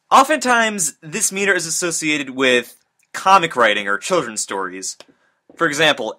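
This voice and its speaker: A man's voice: mid-range voice, sharp tone. A young man, a student, reading a prepared class presentation that explains a topic. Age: young adult. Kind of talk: read school presentation.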